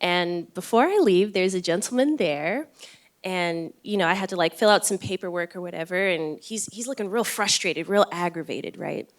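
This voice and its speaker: A woman's voice: fairly low pitch, normal speed. A woman neuroscientist on a live event panel, telling a personal story in an earnest, thoughtful way with frequent restarts and fillers. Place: event stage.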